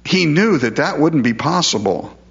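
A man's voice: fairly high pitch, animated, normal speed, creaky, lo-fi sound. Man preaching, conversational and questioning. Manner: conversational, asks rhetorical questions. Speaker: pastor. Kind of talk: expository sermon.

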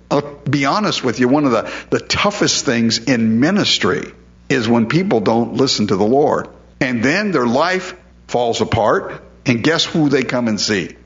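A man's voice: mid-range voice, fairly bright tone, muffled recording. A male pastor preaching a sermon in a conversational way, often repeating words as he stresses a point.

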